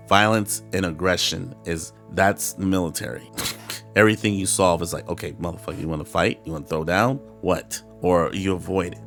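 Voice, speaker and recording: Middle-aged male host, deep gravelly voice, profane animated storyteller, faint music underneath. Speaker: podcast host telling a personal story. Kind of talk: casual storytelling monologue.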